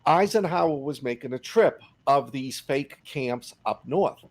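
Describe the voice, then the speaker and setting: A middle-aged man co-hosting a podcast, telling anecdotes in a casual, animated way. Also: medium pitch, a little slow. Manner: animated anecdote-teller, acts out quotes. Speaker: podcast co-host. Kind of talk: casual storytelling chat.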